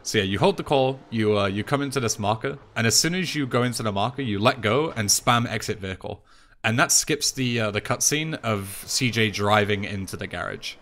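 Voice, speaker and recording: A young man with an English accent, talking through a speedrun tutorial voice-over in a relaxed, chatty way, with plenty of fillers and restarts. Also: lowish voice, brisk, a little hiss or hum. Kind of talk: casual game tutorial voice-over.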